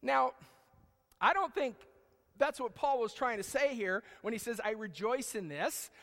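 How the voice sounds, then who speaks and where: Male pastor, high tenor, animated sermon delivery, long church reverb. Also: unhurried. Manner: animated preaching, swings between loud outbursts and hushed intensity. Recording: long reverb in a large hall.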